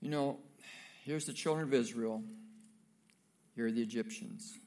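A man's voice: medium pitch, normal speed, darkish tone. A male pastor preaching a sermon, reading scripture aloud and breaking off for casual asides to the congregation.

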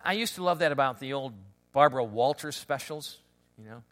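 A man preaching a conversational sermon, telling stories with lots of restarts and animated asides. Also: medium pitch, fairly quick. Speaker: pastor.

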